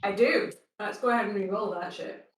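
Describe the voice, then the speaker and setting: A woman's voice: medium pitch, brisk, roomy sound, crowd noise, poor audio. A woman playing a tabletop game, talking casually and swearing freely. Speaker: player.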